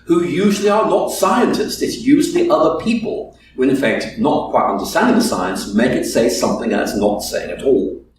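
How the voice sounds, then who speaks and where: A man giving an academic lecture, emphatic and laying out his points one by one. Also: medium pitch. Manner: emphatic, lays out numbered points. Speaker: guest lecturer. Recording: echoey hall from far off with noise.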